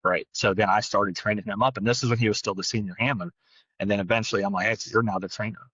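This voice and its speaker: Fast-talking blunt man, low voice. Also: steady tone, pushed and bright, dry recording, highs cut off. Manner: fast, blunt, peppered with "right?"; swears casually. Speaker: podcast co-host, dog trainer. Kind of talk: casual podcast storytelling.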